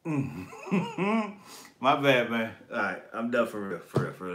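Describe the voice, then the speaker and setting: A man's voice: medium pitch, big pitch swings, unhurried, a bit bright, a little hiss or hum. A man hosting a collectibles channel, chatting casually on a livestream and reading viewer comments. His talk is slangy and profane, and he laughs often.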